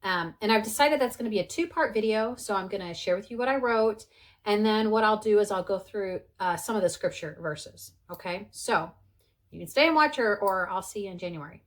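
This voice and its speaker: A woman's voice: mid-range voice, lively intonation, brisk. A woman in her forties, talking in a heartfelt personal vlog, chatty and earnest, with many fillers. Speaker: vlogger sharing her conversion story.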